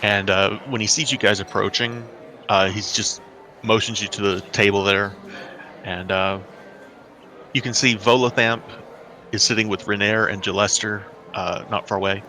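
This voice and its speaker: A man narrating as dungeon master, relaxed and full of fillers. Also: fairly low pitch, normal speed, slight background noise. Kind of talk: narrating a tabletop game.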